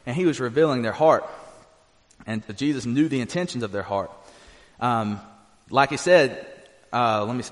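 A man preaching in an earnest, plain-spoken way, reading scripture and then explaining it while restarting his phrases. His voice sits in a middle pitch, and a long hall reverb trails after each phrase. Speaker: pastor.

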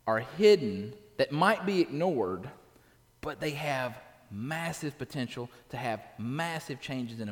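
A man's voice: a little high, big-room sound. A man preaching a sermon in a church, talking conversationally and often checking in with "right?". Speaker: pastor. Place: church sanctuary.

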